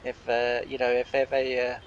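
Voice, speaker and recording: A man's voice: mid-range voice, completely flat delivery, moderate pace, highs cut off. Bloke rambling thru an old farm story, lots of "he said, i said", bit of faint hiss behind. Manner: chatty, meandering, lots of reported speech. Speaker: farming game channel host.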